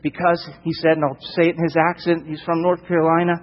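A man's voice: a little high, little pitch movement, fast, big-room sound, dull audio. A male preacher delivering a sermon emphatically, with repeated rhetorical questions.

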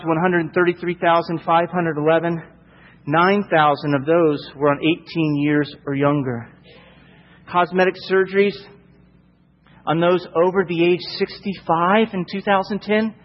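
A man's voice: fairly high pitch, big-room sound, muffled recording. A male preacher delivering a sermon emphatically, with repeated rhetorical questions.

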